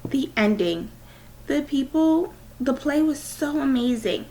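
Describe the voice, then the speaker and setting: A woman's voice: sits high, animated, slow pace, darkish tone, poor audio. A woman teacher with a cold reading a novel aloud to her class, with small stumbles. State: has a cold.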